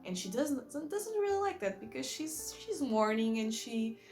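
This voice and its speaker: A woman's voice: a little high, big pitch swings, unhurried, darkish tone, soft background music. A woman who is not a native English speaker, reviewing books in a rambling, enthusiastic way and often correcting herself. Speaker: book vlogger. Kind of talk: casual book review chat.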